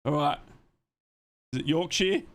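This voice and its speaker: A man hosting a live football watchalong, giving casual play-by-play and chatting with viewers' comments, often apologizing as he goes. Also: a little high. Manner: chatty, reads and answers viewer comments between plays; apologetic, quick to say sorry.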